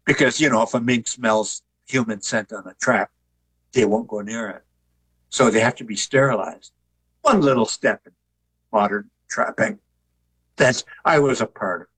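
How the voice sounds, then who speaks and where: Older man, husky voice, easygoing storyteller, interview guest. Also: mid-range voice, moderate pace, rough recording. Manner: relaxed storyteller who jokes. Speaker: author and artist, interview guest.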